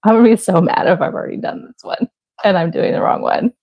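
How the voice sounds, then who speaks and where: Talking quickly in a mid-range voice, a young woman runs a crochet livestream, chatting with viewers and poking fun at herself while she works. The audio is dull.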